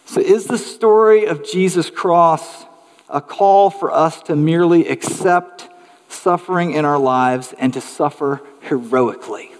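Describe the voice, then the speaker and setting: A pastor preaching an earnest sermon, building emphatic rhetorical questions. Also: male voice, on the high side, a little slow, big-room sound.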